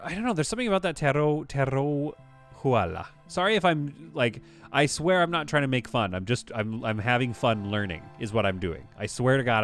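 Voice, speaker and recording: A man streaming a space-building game, chatting casually, rambling, and reading viewer messages aloud. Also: medium pitch. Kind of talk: casual live-stream commentary.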